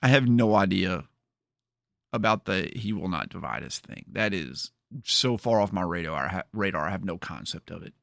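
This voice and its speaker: Hosting a livestream, a man chats casually with his viewers, rambling and cracking jokes. His voice sits low and gravelly with a slightly bright edge, delivered at a moderate pace in clean, studio-quality sound with no echo.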